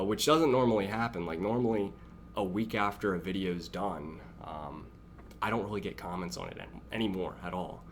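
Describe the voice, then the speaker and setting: A man's voice: low-pitched, gravelly, slight background noise. A man giving casual reaction commentary as a video theory vlogger, chatty and thinking aloud, sitting close to his mic.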